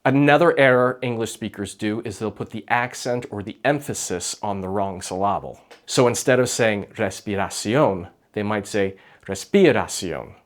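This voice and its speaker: A man teaching clinical Spanish to therapists, with clear repeat-after-me drills and light jokes. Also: lowish voice, moderate pace, few pauses. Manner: patient, clear, lightly joking.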